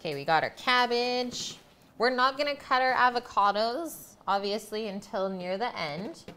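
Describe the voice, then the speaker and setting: A woman's voice: a little high, animated, normal speed, bright, forceful tone, a little hiss or hum. A woman cooking on a live stream, chatting with viewers and coaxing her pets in a sing-song voice. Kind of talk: casual chat while cooking.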